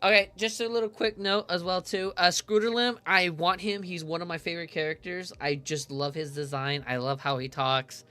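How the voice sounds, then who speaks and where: A man giving casual, excitable game commentary, chatty and full of fillers, laughing often. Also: high-pitched, moderate pace, hardly any pauses, clear, resonant tone. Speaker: game streamer.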